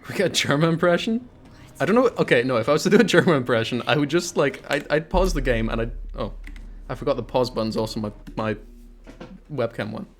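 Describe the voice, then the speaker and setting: A man's voice: mid-range voice, expressive, fast talker, a little hiss or hum. A man streaming a horror game live, cracking jokes, swearing and hamming up his reactions. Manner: jokey, swears, loud over-the-top reactions. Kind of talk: live gameplay commentary.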